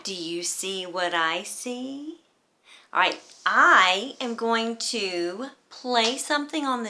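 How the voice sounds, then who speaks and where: A woman music teacher giving a children's music lesson, speaking in a gentle, encouraging way to young children. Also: medium pitch.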